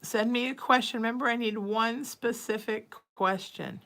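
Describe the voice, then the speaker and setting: A woman's voice: fairly high pitch, fairly even intonation, normal speed, few pauses, fairly bright tone. A woman hosting a psychic livestream, chatting casually and reading viewer texts aloud. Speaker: psychic medium livestream host.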